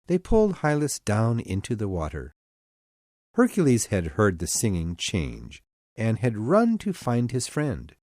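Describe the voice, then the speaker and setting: Man narrating myths with a lively lilt. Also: medium pitch, no room sound, clean studio sound. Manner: expressive, storytelling delivery. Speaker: audiobook narrator. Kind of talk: scripted storybook narration.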